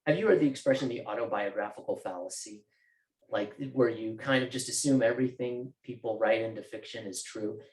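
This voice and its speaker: A man's voice: on the low side, a little fast, darkish tone. A male author reading from his novel at a bookstore event, with casual joking asides. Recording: roomy bookstore echo.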